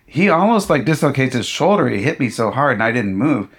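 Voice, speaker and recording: A man, a pastor being interviewed, telling a personal story in a lively conversational way, with humorous asides and acted-out quotes. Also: mid-range voice, a little fast, slightly rough. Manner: animated storyteller who acts out what others said; humorous, self-deprecating asides. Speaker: pastor and guest speaker.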